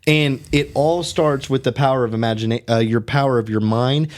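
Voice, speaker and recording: Swearing, animated young podcast host. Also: male voice, medium pitch, fairly quick. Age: 20s. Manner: animated storytelling, heavy swearing, frequent "bro" and "dude". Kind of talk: casual podcast chat.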